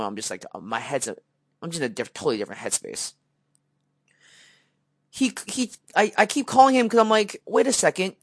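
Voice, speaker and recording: Animated man telling a story. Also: medium pitch, no echo. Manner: animated storyteller, acts out quoted dialogue, many fillers. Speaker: podcast co-host. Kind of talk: casual storytelling chat.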